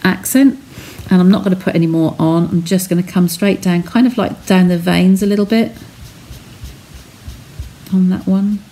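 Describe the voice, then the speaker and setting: A woman's voice: on the low side, fairly even intonation, normal speed, dark tone. A woman chatting as she talks viewers through a craft technique step by step on a live stream from her home studio. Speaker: craft demonstrator.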